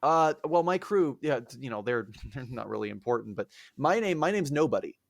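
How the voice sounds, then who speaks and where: A man's voice: mid-range voice, expressive, a little fast, vocal fry, no echo, studio quality. A man voicing a casual, clueless male Greek hero who talks in a chill, sheepish dude way, in a comedic podcast retelling.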